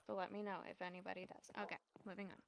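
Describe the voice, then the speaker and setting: A woman's voice: mid-range voice, vocal fry, slight background noise. A young woman streaming a game, chatting casually and laughing often. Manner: chatty, excitable, quick to laugh. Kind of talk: casual gaming stream chat.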